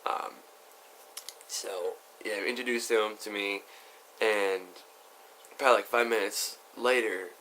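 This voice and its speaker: A man's voice: lowish voice, fairly even intonation, unhurried, long pauses, pushed and bright, slight background noise. A young man telling a story on his vlog in a chatty, rambling way, full of asides. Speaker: YouTuber.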